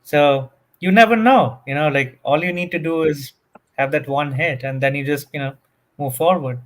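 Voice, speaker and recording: Man, casual group chat, slightly higher voice, hesitant, joking. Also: normal speed. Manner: hesitant, joking, many fillers. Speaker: guest panelist.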